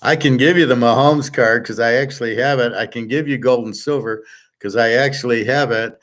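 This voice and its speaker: A man's voice: mid-range voice, fairly even intonation, a little fast, fairly bright tone. A man hosting a livestream, ranting and reading chat comments in a profane, sarcastic, combative way. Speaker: host.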